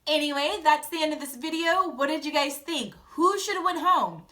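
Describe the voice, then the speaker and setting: A woman's voice: high voice, lively intonation, normal speed, sharp tone. A young woman vlogger giving a casual, blunt recap of a reality TV episode and acting out the scenes in quoted voices.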